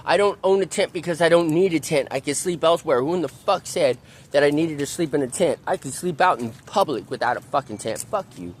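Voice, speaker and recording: A man's voice: on the high side, brisk, a little hiss or hum. A man venting angrily outdoors in a park, swearing often and repeating himself as he rants. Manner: profane, ranting, repetitive. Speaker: vlogger. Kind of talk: angry venting monologue.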